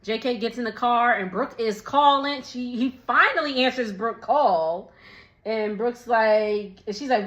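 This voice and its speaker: A woman from Texas casually recaps a reality show episode, laughing often and giving voice to the quotes in an animated retelling. Her pitch is on the high side and her pace measured, with a roomy sound and the highs cut off. She's a recap vlogger.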